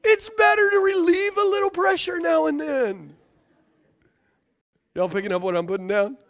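A man's voice: very high-pitched, moderate pace, fairly bright tone. A man preaching a sermon as a pastor, emphatic and repetitive, often asking the congregation for responses.

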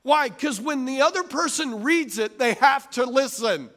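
High-voiced preaching pastor, animated. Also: male voice, unhurried. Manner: animated, conversational preaching with asides to the congregation. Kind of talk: sermon.

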